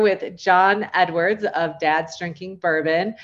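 A woman's voice: medium pitch, moderate pace. A woman hosting a podcast, opening the show and interviewing a guest in a bubbly manner, laughing often. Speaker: podcast host.

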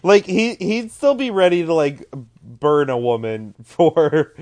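Young man co-host, slightly high voice, dry and wry. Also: big pitch swings, takes it slowly, darkish tone. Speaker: podcast co-host. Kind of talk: casual chat reviewing a movie.

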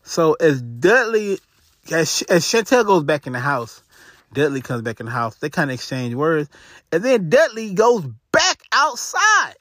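A man's voice: a little high, sing-song, unhurried, fairly bright tone, dry recording. A man telling a true crime story in a casual, slangy way full of fillers.

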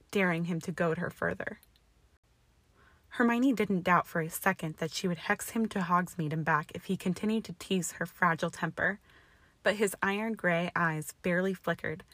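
A woman narrating a fan fiction story aloud in a steady, expressive way. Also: on the low side, normal speed, dry recording.

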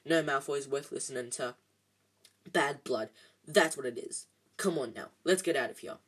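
A reader doing a big gruff gamekeeper. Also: medium pitch, normal speed. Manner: loud, blunt commands. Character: huge gruff gamekeeper, blunt and protective.

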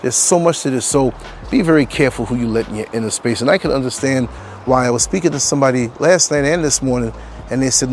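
A man's voice: mid-range voice, fast talker, darkish tone, soft background music. Earnest man musing outdoors on a street. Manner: earnest, emphatic, repeats phrases for stress. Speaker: podcast host. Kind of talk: reflective monologue to camera. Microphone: clip-on mics.

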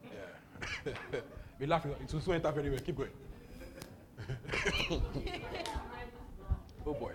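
A man's voice: fairly high pitch, expressive, takes it slowly, long pauses, crowd noise. A man preaching a charismatic sermon, exuberant and often laughing as he repeats his phrases.

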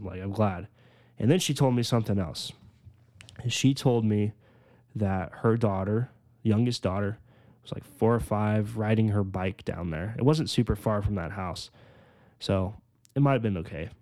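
Earnest young man telling his testimony. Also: lowish voice. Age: 20s. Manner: earnest, filler-heavy storytelling with many "like"s; slows down and softens on emotional points. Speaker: podcast host. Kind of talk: personal testimony.

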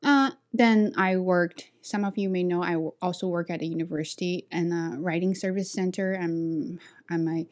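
A woman's voice: fairly low pitch, steady tone, moderate pace. A woman from China with a Chinese accent, talking candidly and energetically on her own podcast, laughing now and then. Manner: candid, outspoken, laughs while telling stories. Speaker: podcast host, ESL teacher. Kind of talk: casual monologue podcast.

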